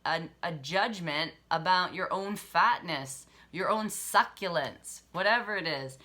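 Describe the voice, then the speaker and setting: A woman's voice: mid-range voice, animated, a little slow, hardly any pauses, sharp tone. A woman relationship coach giving a casual motivational talk, candid and swearing freely, laughing often as she acts out harsh inner voices.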